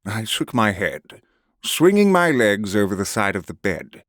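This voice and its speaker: A man's voice: on the low side, big pitch swings, measured pace, fairly bright tone, no room sound, studio quality. A man narrating a first-person audiobook with a menacing, gloating delivery.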